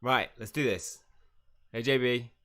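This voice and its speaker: A man's voice: medium pitch, unhurried, a bit bright. A man streaming a game live, chatting casually, reading game dialogue aloud and laughing often. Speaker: gaming streamer. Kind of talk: live gameplay commentary.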